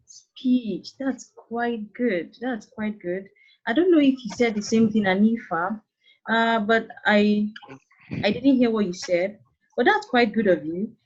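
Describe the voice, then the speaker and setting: A woman's voice: fairly high pitch, measured pace. A woman with a Nigerian accent teaching secondary school English over an online call, patient and coaxing as she calls on students by name. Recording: dull lo-fi online call audio.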